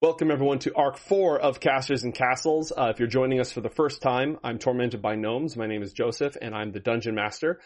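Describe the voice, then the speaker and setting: A man's voice: mid-range voice, brisk, few pauses. Guy dm doing a big dramatic recap of the campaign, storyteller voice. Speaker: dungeon master. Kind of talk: narrating a tabletop game recap.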